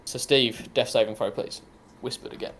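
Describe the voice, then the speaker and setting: A man's voice: mid-range voice, fairly even intonation, moderate pace, a bit bright, a little hiss or hum. A man narrating as game master, rambling with lots of ums and likes.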